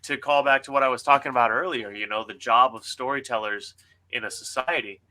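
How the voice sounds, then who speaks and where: A man's voice: mid-range voice, fairly quick, pushed and bright. A man co-hosting a casual podcast, talking bluntly and emphatically and swearing freely. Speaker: author and podcast co-host.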